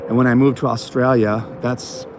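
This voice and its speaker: Over a noisy background, a mid-range male voice with little pitch movement talks at normal speed. He's an American channel host on the mend from a cold, strolling through a botanical garden outdoors one evening and rambling through stories full of fillers for his casual walking vlog.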